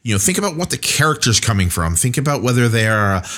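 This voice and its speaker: A man's voice: mid-range voice, very animated, fast, fairly bright tone. An American man co-hosting a podcast, casually explaining tips for running tabletop games, often repeating words as he starts. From United States. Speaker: podcast co-host.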